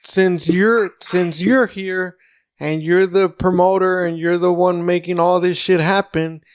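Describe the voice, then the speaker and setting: A high-voiced man with a steady tone and a somewhat slow, smooth delivery hosts a comedy podcast. Originally from the Rio Grande Valley in South Texas, he chats casually but rambles, breaking off and stammering into restarts.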